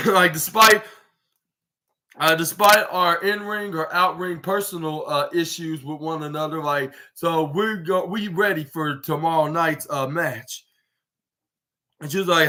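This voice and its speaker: Bright-voiced man rambling a wrestling recap. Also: fairly high pitch, normal speed. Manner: rambling, heavy use of "like" and restarts, acts out quotes. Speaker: podcast host.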